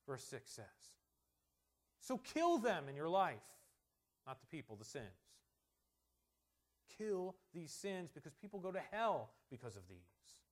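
A pastor delivers a sermon in a notably high male voice. He drives his points home with stressed, slowed words and slips easily into quiet, wry jokes. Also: wildly swooping pitch. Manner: emphatic, swings from soft asides to loud stressed points; joking asides.

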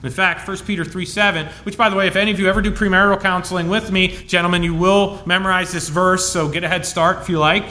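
A man preaching as pastor, reading scripture with emphasis and dropping to soft, low asides in a conversational way. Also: steady tone, fast, hardly any pauses. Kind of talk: sermon.

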